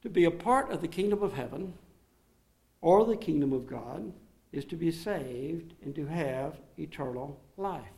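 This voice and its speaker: A man preaching a sermon to his congregation, swinging between emphatic raised passages and quiet, low asides. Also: expressive, a little slow, creaky. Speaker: pastor.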